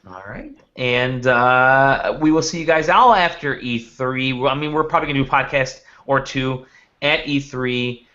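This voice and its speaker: A man hosts a casual podcast with a bright, forceful voice, rambling through his stories with frequent restarts. The audio is dull and lo-fi. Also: medium pitch, normal speed. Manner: rambling storyteller with many restarts. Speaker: podcast host.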